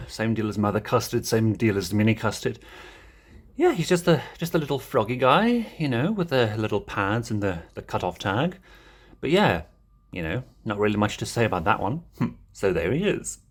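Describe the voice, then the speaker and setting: Low-voiced guy rambling through his plushie collection, bouncy up-and-down delivery, chuckles a lot. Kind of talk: casual show-and-tell.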